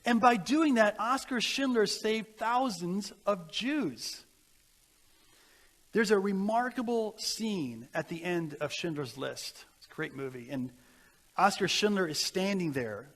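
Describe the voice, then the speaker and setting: Guy preaching, earnest and urgent, kinda high voice, echoey church hall. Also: lively intonation, a little slow. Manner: earnest, exhorting, storytelling. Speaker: guest speaker. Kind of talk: sermon.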